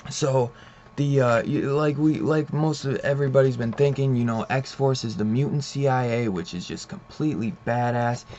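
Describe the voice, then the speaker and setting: A man's voice: mid-range voice, normal speed, a little mellow, a little hiss or hum. A man in a casual, profane comic book review rant, leaning on "like", "man" and "dude" as he retells scenes. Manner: loose and profane, heavy use of "like", "man" and "dude"; retells scenes in a loose storytelling way. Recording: slightly dull, muffled audio.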